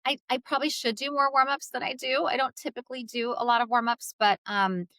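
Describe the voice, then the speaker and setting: A middle-aged woman audiobook narrator chatting as an interview guest, upbeat and quick to laugh. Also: steady tone, fairly bright tone, dry recording. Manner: bubbly, laughs often, drops into low voice to demonstrate. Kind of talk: casual interview chat.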